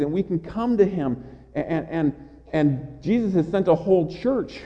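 A man's voice: sits high, dark tone. A man preaching a sermon in an earnest way, with small stammered restarts and rhetorical questions. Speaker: pastor. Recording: dull audio with long hall reverb.

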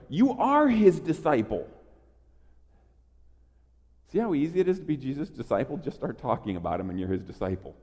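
A man preaching a sermon in an emphatic, animated way, often restarting his phrases. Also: medium pitch, long reverb tail. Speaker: pastor.

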